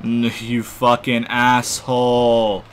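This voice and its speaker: A man's voice: medium pitch, completely flat delivery, takes it slowly. A man playing a wrestling video game, ranting and swearing angrily at it as he plays. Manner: angry swearing rants at the game. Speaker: gamer. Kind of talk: let's play commentary.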